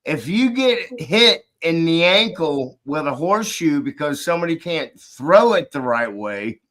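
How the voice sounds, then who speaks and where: A man with a bright, fairly high voice who speaks slowly. He hosts a casual live-stream chat in an easygoing, chuckling way. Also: sing-song.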